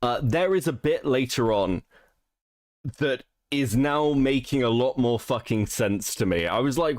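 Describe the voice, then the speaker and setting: A man's voice: mid-range voice, lively intonation, measured pace, darkish tone, dry recording, clean studio sound. A man co-hosting a reaction stream, mocking and sweary, laughing often. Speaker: stream co-host.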